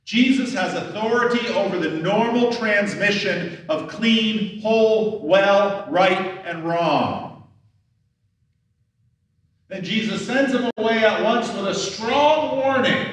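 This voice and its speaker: A man's voice: sits high, unhurried, a bit bright. A man preaching a sermon as pastor, talking conversationally and acting out the questions and lines of the people in his story. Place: church sanctuary. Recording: roomy church hall from a distance.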